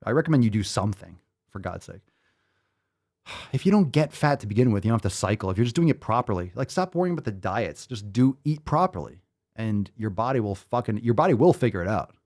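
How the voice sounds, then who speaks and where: A man's voice: fairly low pitch, expressive, quick pace, darkish tone. A man hosting a show, talking in casual, profane, rambling commentary with a sarcastic, exasperated edge. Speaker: show host. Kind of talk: livestream commentary.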